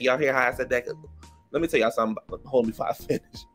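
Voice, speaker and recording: A man with a DMV accent chats through a reality TV recap, animated and gossipy. He laughs often and jumps high in pitch when he mimics the cast, over a mid-range everyday voice. Faint music plays underneath. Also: quick pace. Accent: DMV (Washington DC area). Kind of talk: casual chatty episode review.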